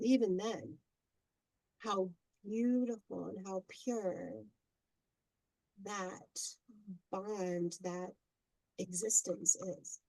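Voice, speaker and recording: A middle-aged woman, a podcast guest, telling family stories in a casual, animated way with frequent laughter. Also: medium pitch, no room sound, low-quality recording. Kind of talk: casual storytelling.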